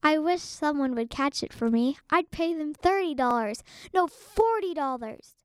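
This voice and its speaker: A fretful neighbor lady guarding her vegetable garden, as a woman reader plays her, bargaining with rising worry. The voice is a little high and sounds dry and close. It reads like a storybook character. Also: expressive, unhurried, dry recording.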